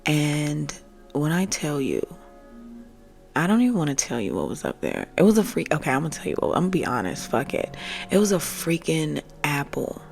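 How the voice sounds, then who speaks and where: Podcast host, woman, low gravelly voice, slow and emotional, slips into whispers. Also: very animated, a little mellow, faint music behind. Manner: emotional, addresses listeners as family, swears freely, drops to whispers. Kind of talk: casual storytelling monologue.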